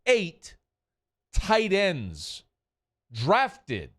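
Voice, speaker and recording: A man doing a boastful coach's recruiting pitch. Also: huge pitch swings, drawn-out words, fairly bright tone, exaggerated voice. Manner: smooth salesman pitch, self-congratulating. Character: boastful middle-aged male football coach recruiting.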